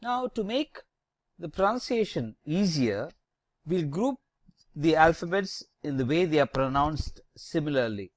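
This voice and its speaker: A teacher giving a slow pronunciation lesson on the French alphabet and accents, saying letters one at a time with corrective tips. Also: medium pitch, animated, dry recording, clean studio sound.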